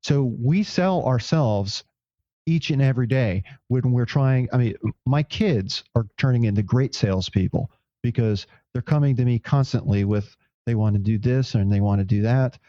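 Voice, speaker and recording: A man's voice: mid-range voice, moderate pace, mellow, no room sound. Man musing on a dull lo-fi podcast. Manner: reflective, thinks aloud with many restarts. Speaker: podcast co-host. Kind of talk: casual podcast chat.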